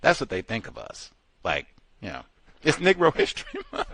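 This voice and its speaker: A man hosting call-in talk radio, animated and mocking, laughing often as he riffs on a caller's story. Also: fairly high pitch, normal speed, slight background noise. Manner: animated, mocking voices of others, frequent laughter. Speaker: radio show host.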